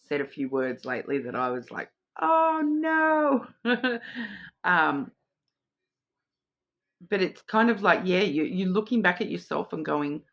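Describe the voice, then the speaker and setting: A woman's voice: low voice, lively intonation, fairly quick, few pauses, dull audio. A woman giving a casual intuitive card reading, chatty and rambling, often repeating her words. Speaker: tarot and oracle card reader.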